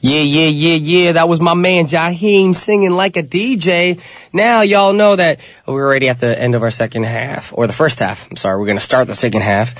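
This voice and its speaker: Upbeat male radio DJ, a little high-pitched, nasal from a cold, dry studio sound. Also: no room sound. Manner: upbeat, chatty, addresses listeners as you guys. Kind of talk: casual radio DJ patter.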